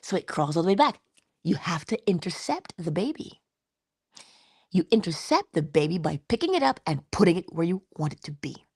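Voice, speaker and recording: A middle-aged woman giving an inspirational spiritual talk in a conversational, expressive way, slipping into little acted-out quotes. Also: on the low side, normal speed, husky, no echo, clean studio sound. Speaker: inspirational speaker.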